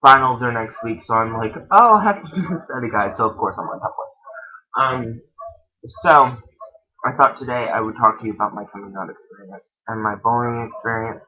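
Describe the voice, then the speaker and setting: A man's voice: mid-range voice, little pitch movement, a little fast. A teenage man chatting casually in a vlog, rambling and giggling as he goes. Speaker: vlogger. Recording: dull lo-fi webcam audio.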